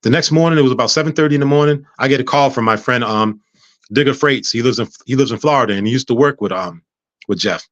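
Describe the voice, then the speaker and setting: A man telling a personal story in casual chat, animated, acting out dialogue with frequent stammers and restarts. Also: medium pitch, fast, dry recording, muffled recording. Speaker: guest.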